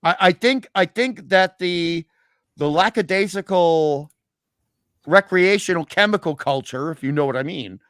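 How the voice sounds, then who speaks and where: A man hosting a casual chat, musing at length with drawn-out asides. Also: high voice, a bit bright, clean tone, no room sound, clean studio sound. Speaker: podcast host.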